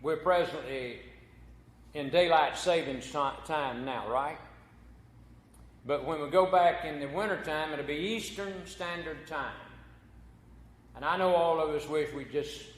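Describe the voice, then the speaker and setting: A man's voice: a little high, unhurried, long pauses. A man preaching a folksy sermon as pastor, telling a corny joke before turning to scripture. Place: church sanctuary. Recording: echoey church hall.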